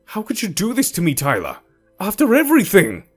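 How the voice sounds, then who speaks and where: A man's voice: high voice, wildly swooping pitch, fairly quick, husky, soft background music, pitched above the performer's own voice, exaggerated voice. A man voicing a hurt, anxious young man who pleads with his boyfriend in an audio story. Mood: angry. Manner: pleading, emotional.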